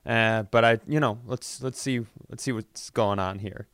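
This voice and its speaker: Comedian host, male, smooth clear tone, animated storyteller. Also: on the low side, measured pace, no room sound, clean studio sound. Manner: animated, acts out phone voices, laughs mid-story. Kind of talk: casual storytelling.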